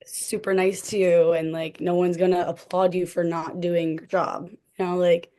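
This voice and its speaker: A woman's voice: lowish voice, flat delivery, moderate pace, mellow. A young woman, a podcast guest, telling a story in casual chat and lacing it with "like" and small laughs. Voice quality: frequent "like" fillers, light laughs between words. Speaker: podcast guest, former cheerleader.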